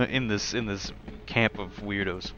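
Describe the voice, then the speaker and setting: A man giving casual let's-play commentary, excitable and laughing often as he plays. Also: fairly low pitch, normal speed, highs cut off, a little hiss or hum. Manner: excitable, laughs often, slips into joke accents. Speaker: gaming video host. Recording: game music playing behind voice.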